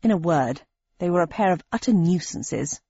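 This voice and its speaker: A woman's voice: on the low side, lively intonation, moderate pace, warm tone, breathy edge, no room sound, lo-fi sound. Wry woman narrating an audiobook. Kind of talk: scripted narration.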